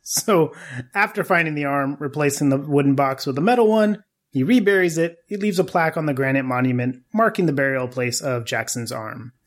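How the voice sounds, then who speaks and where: A man hosting a casual podcast, telling a story in an animated way and laughing often. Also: fairly high pitch, a little fast.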